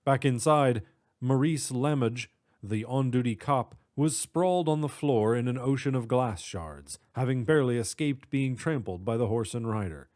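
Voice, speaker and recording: A man narrating a story in a steady, measured way. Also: medium pitch.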